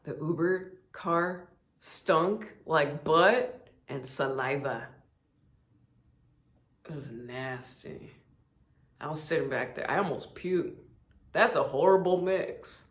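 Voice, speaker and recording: Animated woman telling funny stories. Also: deep voice, slow pace, long pauses, roomy sound. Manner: animated, acts out quotes in voices, laughs often. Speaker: comedian podcast host. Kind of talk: casual storytelling monologue.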